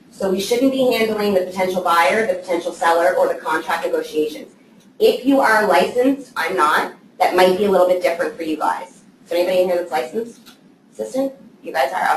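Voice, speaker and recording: A woman giving a casual training talk to a live group of assistants, checking in with them often. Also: mid-range voice. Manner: conversational, checks in with "okay?". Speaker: trainer for real estate assistants. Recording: echoey room, voice from far off, faint noise.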